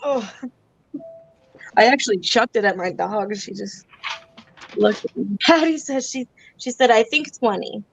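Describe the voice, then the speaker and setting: A woman's voice: on the high side, a little slow, gravelly, pauses often, highs cut off, slight background noise. A woman hosting a live online auction in a casual, giggly, self-teasing way. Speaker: auction host.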